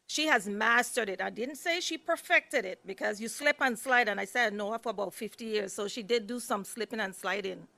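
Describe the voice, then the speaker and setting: A woman's voice: medium pitch, moderate pace, gravelly, few pauses, bright, forceful tone, dry recording. A woman, giving an earnest, lightly humorous introduction speech at a courtroom podium. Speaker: speaker introducing a judge. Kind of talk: ceremonial speech. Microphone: podium microphone.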